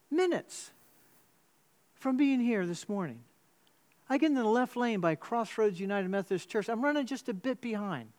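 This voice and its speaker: A man preaches a sermon in a church. He tells his story with animated swings, jumping suddenly up in pitch before settling back down into a steady, measured delivery. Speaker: pastor.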